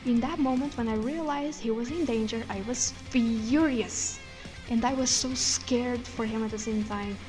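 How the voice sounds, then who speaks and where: Woman, fairly high voice, excited dream story, quoted inner lines, long reverb, faint music behind. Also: normal speed. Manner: excited, tumbling retelling with quoted inner speech. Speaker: content creator.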